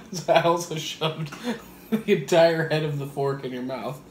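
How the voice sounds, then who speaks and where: A woman's voice: sits low, echoey room, a little hiss or hum. A woman hosting a taste test in casual chat, teasing and playful as she asks questions. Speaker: host running a taste test.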